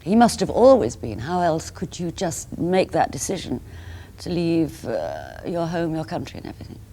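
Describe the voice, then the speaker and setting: A woman reflecting softly in an interview, her voice sometimes dropping to a near-whisper. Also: low-pitched, sing-song, normal speed, vocal fry. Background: music.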